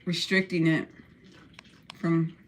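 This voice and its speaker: A woman's voice: deep voice, flat delivery, takes it slowly, a little hiss or hum. An older woman hosting a casual livestream from her room at home, blunt and profane as she rants. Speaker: livestream host.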